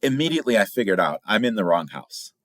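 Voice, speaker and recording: A middle-aged man from Illinois hosting a casual podcast as a firearms instructor, telling stories in a chatty, animated way with big jumps in pitch for emphasis. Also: fast, no room sound, clean studio sound. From Illinois, USA.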